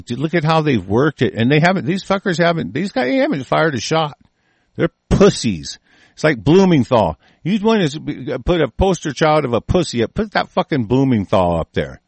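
A man's voice: mid-range voice, gravelly, no echo. Heated, profane man. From United States. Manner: profane, heated, combative, swears constantly. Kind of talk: angry political rant.

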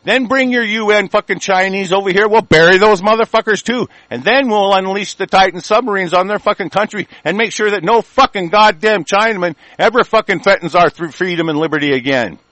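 An American man rants as a talk radio host, furious and profane, often tripping over restarts. His voice sits somewhat high for a man. The sound is dry and close, with no room echo. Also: fairly quick, hardly any pauses, fairly bright tone. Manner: angry, profane, stammering restarts. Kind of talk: ranting talk radio monologue.

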